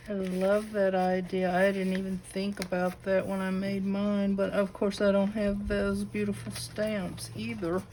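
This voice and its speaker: A woman with a Southern US accent showing a crafted notebook to her camera at home, gushing with admiration and slipping into breathy asides. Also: mid-range voice, little pitch movement, unhurried, few pauses, dark tone, slight background noise, rough recording. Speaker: craft channel host. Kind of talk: casual unboxing show-and-tell.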